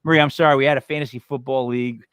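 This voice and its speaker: A man's voice: mid-range voice, steady tone, rapid-fire, fairly bright tone, clean tone, dry recording, low-quality recording. An American man hosting a podcast in a loose, joking way. He is blunt and swears without a second thought. His voice sits in a middle range and sounds dry, with almost no room around it. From United States. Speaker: podcast host. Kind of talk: casual podcast chat.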